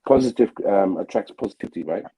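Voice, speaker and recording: A man's voice: animated, fast talker, slightly rough, muffled recording. A man hosting a live stream, chatting casually and rambling with many fillers. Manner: rambling, filler-heavy, mimics relatives in a loud high voice.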